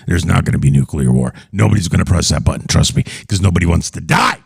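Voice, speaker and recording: A man's voice: low voice, normal speed, vocal fry, husky, no room sound, studio quality. A man hosting a comedy show, reacting to clips with rambling, dismissive jokes. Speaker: show host.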